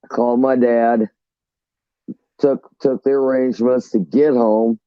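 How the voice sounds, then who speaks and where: A man's voice: mid-range voice, fairly even intonation, measured pace, smooth, no room sound, lo-fi sound. A man casually telling rambling, profane stories about his navy days on a live chat.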